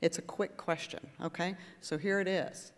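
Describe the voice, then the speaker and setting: Lively woman lecturing in an echoey hall. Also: lowish voice, normal speed. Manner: lively, conversational, acts out patient exchanges. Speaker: nurse practitioner lecturer. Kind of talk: conference lecture to patients. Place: conference hall with audience.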